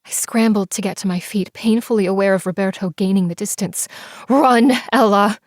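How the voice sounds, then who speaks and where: A woman narrating a first-person romance audiobook, expressive and sometimes dropping to soft whispers. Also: medium pitch, brisk, dry recording, clean studio sound. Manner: expressive, breathless in tense scenes, shifts into soft whispers.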